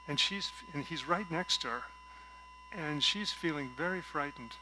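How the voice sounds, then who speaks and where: A man preaching a gentle, reflective sermon from a stage at a spiritual center, telling a story and often dropping to a soft voice. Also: on the high side, measured pace, background noise. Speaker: guest speaker at a spiritual center.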